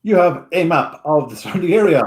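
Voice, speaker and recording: A man's voice: on the high side, lively intonation, fairly quick, darkish tone. A man narrating as dungeon master, hesitant and full of fillers, in a roomy-sounding recording. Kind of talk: narrating a tabletop game. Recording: roomy echo.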